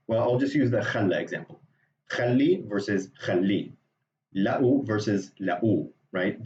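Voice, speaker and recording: A man's voice: lowish voice, a little mellow, distant mic, a little hiss or hum. A man teaching a language lesson, reading short lines aloud and explaining them in English with frequent fillers. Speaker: Arabic teacher. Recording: echoey, dull, from off-mic.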